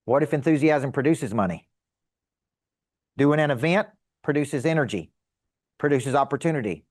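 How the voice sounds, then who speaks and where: A middle-aged man teaching a seminar to a live audience as a sales coach, energetic and emphatic, asking rhetorical questions. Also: medium pitch, normal speed, no echo, clean studio sound.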